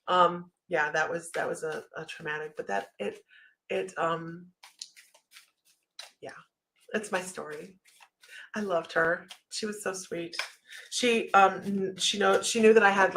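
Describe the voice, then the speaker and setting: A woman hosting a psychic livestream chats casually, telling a story packed with asides in a slight Southern American accent. Her voice is fairly low and creaky, and the recording quality is poor.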